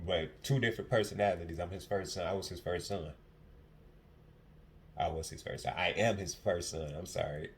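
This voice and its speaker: A man's voice: deep voice, normal speed, a little hiss or hum. A young man hosting a casual podcast at home, talking in a passionate, profane monologue that repeats itself. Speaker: podcast host.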